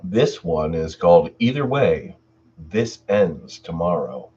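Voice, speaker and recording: Deep-voiced man reading horror stories. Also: big pitch swings, takes it slowly, warm tone, husky. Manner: chats casually with viewers between stories. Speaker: channel host and story narrator. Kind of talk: reading horror stories aloud on a live stream. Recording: distant mic, dull lo-fi sound.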